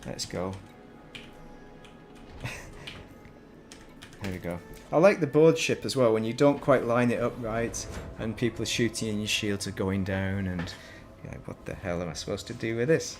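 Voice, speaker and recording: A man's voice: lowish voice, normal speed, long pauses, darkish tone, soft background music. A man with a Northern English accent, chatting casually while commentating his gameplay stream and wandering into rambling, self-mocking asides. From Northern England. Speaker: gaming streamer.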